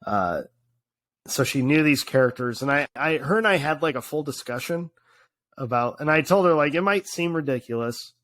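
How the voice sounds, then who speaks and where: Animated man telling a story on a podcast. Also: mid-range voice, normal speed. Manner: animated storytelling, lots of fillers and restarts. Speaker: podcast co-host. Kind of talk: casual chat.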